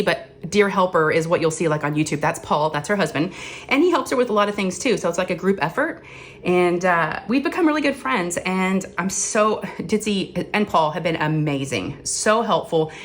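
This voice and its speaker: A woman's voice: fairly low pitch, a little hiss or hum. A woman chatting casually as host of a crafting vlog, rambling and self-deprecating.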